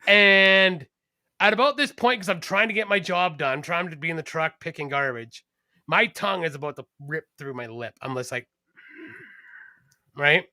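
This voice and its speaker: Animated guy ranting on a podcast, bright voice, dry close sound. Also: a little high, moderate pace, no room sound. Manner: animated, profane storytelling. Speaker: podcast host, garbage collector. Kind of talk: casual podcast chat.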